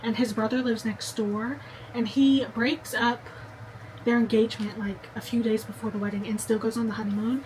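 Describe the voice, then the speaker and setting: A woman's voice: a little high, little pitch movement, normal speed, darkish tone, a little hiss or hum, low-quality recording. Chatty young woman gushing about books. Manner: chatty and gushing, talks straight to the viewer. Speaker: book vlogger. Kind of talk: casual chat to camera.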